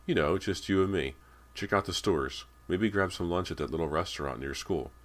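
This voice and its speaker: A man's voice: low voice, moderate pace, pitched above the performer's own voice, natural voice. A man voicing a nervous, defensive teenage girl, lifting his voice for her lines.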